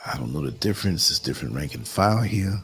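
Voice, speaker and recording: A man's voice: low voice, expressive, fast, gravelly, fairly bright tone, a little hiss or hum. A man with a New York accent hosting a live online talk show, chatting casually and laughing often while he works the computer.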